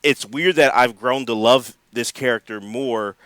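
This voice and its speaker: Male podcast co-host, mid-pitched, dry close sound, lively, laughs a lot. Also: unhurried, clear, resonant tone, no room sound. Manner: animated, acts out quotes, laughs often. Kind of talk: casual chat.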